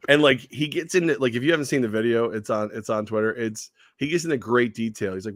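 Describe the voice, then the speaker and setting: An animated man co-hosting a sports talk show, laughing easily and circling back over his words as he argues a point. His voice sits at an ordinary middle pitch. The sound is dry and close, with no room around it. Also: a little fast, no echo. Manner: animated, laughing, repeats himself. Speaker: sports radio co-host.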